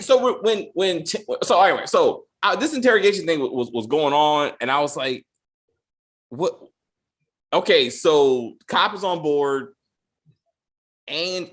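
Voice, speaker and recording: A man hosting a casual film review chat, profane and animated, often stumbling and restarting as he acts out quotes. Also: sits high. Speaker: podcast host.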